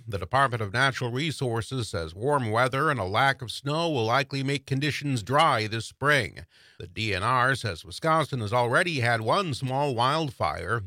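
Bright-voiced man reading radio news. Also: medium pitch, no room sound, studio quality. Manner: crisp, measured delivery. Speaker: newsreader.

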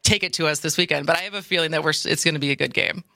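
A young woman from Wisconsin hosting a radio talk show, lively and quick, with some restarts. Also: deep voice, creaky, no echo, clean studio sound. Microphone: studio microphone.

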